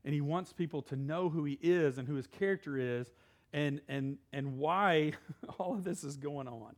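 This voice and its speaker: A man's voice: fairly high pitch, normal speed. A middle-aged male pastor giving a casual, conversational sermon with asides and Bible readings.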